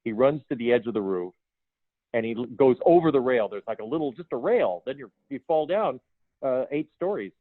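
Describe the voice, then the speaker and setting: An older man, a film production designer, telling lively anecdotes in an interview and acting out the dialogue he quotes. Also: medium pitch, fairly quick, no echo. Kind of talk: storytelling interview. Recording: tinny phone line, dry.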